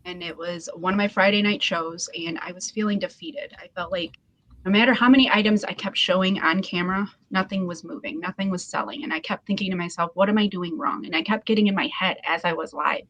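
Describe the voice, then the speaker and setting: A woman's voice: fairly low pitch, fairly quick, fairly bright tone, highs cut off. A woman guest on a reseller podcast, telling a heartfelt story in an earnest, emotional way. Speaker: podcast guest, live seller. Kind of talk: casual chat.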